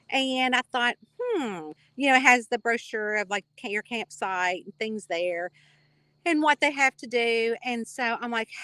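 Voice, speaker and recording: A woman's voice: on the high side, pushed and bright, no room sound. A middle-aged woman with a Kentucky twang, chatting with readers on a live stream in a rambling, bubbly way. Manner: chatty, rambling, bubbly, reads out viewer comments. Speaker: author hosting a live reader chat. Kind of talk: casual livestream chat.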